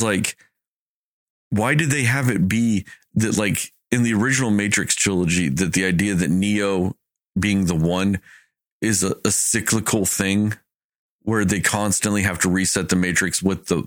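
A man's voice: low-pitched, no room sound, studio quality. A man in casual chat, ranting in an exasperated way, swearing and acting out lines of dialogue. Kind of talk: casual movie review chat.

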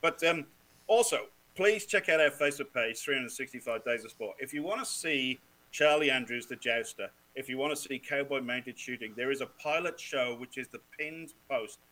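A man from Wales, a guest on a sports podcast, telling lively stories, swearing freely and laughing often. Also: medium pitch, moderate pace, low-quality recording. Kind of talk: casual chat.

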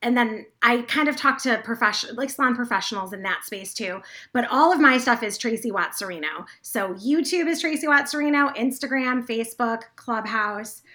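A woman guest on a podcast talking about her business in a fast, enthusiastic, rambling way. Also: fairly high pitch, expressive, pushed and bright. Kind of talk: casual interview chat.

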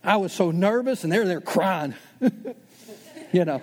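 A man preaching a sermon as pastor, talking conversationally and acting out his listeners' doubts in quick asides. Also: sits high, in a large hall. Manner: fast, animated preaching.

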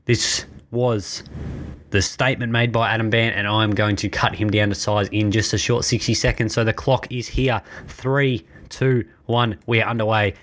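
A man's voice: fairly low pitch, fairly even intonation, normal speed, fairly bright tone. A man with an Australian accent hosting his own podcast, passionate and blunt, sometimes a little out of breath as he rants. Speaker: podcast host. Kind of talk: opinionated political podcast rant. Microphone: own home podcast mic.

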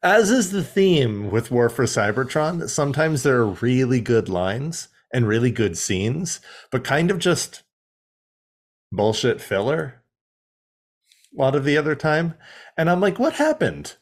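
A man co-hosting a casual review podcast, his pitch swinging widely as he talks slowly and deliberately. He laughs often and keeps breaking into goofy impressions of characters. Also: animated. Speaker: podcast co-host.

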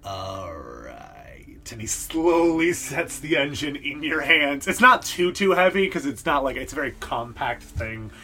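A man's voice: fairly high pitch, moderate pace, hardly any pauses, sharp tone, slightly rough. Male game master, casual and rambling narration, plenty of filler words. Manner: loose and rambling, full of fillers.

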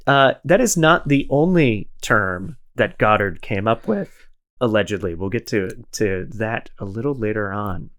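A man's voice: lowish voice, lively intonation, a little slow, a bit bright. A man hosting a podcast in casual chat, rambling and self-deprecating, laughing often. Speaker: podcast host.

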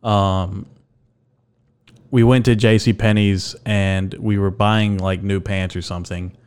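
Slow and flat in delivery, this young podcast host has a low, darkish voice that comes across clear and resonant. Alone on the mic, he chats casually, joking around, rambling, dropping frequent fillers and some swearing.

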